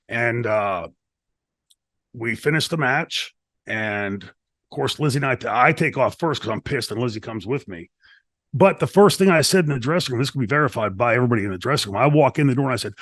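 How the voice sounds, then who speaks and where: A middle-aged man tells a backstage wrestling story in an animated, profane way, acting out what people said along the way. His voice sits at an ordinary male pitch. The studio sound is dry and close. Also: a little fast, no echo. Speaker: retired wrestler telling a story. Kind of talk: shoot interview storytelling. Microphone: studio mic.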